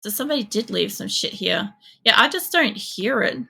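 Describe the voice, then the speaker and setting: Gravelly-voiced woman streamer chatting while gaming. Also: mid-range voice, expressive, normal speed, bright, forceful tone. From Poland. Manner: rambling, swears freely, many fillers. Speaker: game streamer. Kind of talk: casual chat while gaming.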